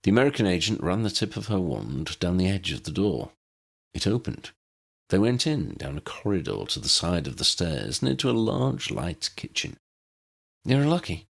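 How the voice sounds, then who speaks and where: A man reading a fan-written novel aloud as an audiobook narrator, with a steady storytelling delivery. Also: low voice, normal speed, creaky, breathy edge. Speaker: fanfiction audiobook reader.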